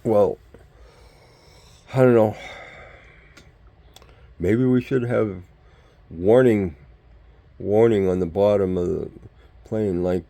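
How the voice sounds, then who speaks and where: An older man talks into his vlog in a low, gravelly voice. He rambles from point to point and keeps firing off rhetorical questions. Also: slow, pauses often, dark tone, dry recording. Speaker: vlogger. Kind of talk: rambling opinion monologue.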